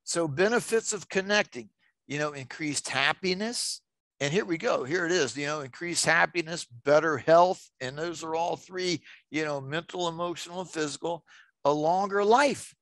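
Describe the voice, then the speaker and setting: An older man giving an informal, enthusiastic webinar presentation on self-care, filling pauses with "uh" and "you know" and getting louder when excited. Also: on the high side, no echo. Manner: enthusiastic, gets loud when excited, many fillers.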